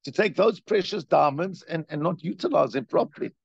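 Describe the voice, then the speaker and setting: A man's voice: fairly high pitch, moderate pace, creaky, husky, dry recording, muffled recording. A man teaching a Torah class, reading a text and explaining it with strong emphasis and repetition. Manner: reads Hebrew text, then explains in English with rising emphasis; animated, repeats points for emphasis.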